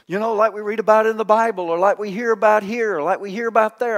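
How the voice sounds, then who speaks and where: A male pastor preaching a folksy, teasing sermon, swinging between loud calls and hushed asides. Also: high-pitched, steady tone, fast, hardly any pauses, big-room sound.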